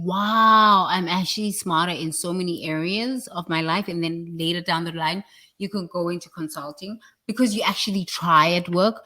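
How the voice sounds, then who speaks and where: Brief: woman, motivational speaker, blunt and preachy, swears, slightly low voice. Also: a bit bright. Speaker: leadership speaker. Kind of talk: motivational talk.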